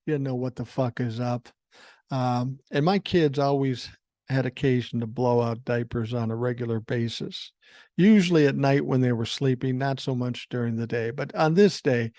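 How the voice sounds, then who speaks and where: An older man in his sixties from Minnesota tells family stories with a blunt, profane, wry humor. His voice sits at an ordinary middle pitch and sounds close and dry, with no room echo. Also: moderate pace, warm tone. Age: 60s. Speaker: podcast host. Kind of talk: casual storytelling. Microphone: podcast microphone.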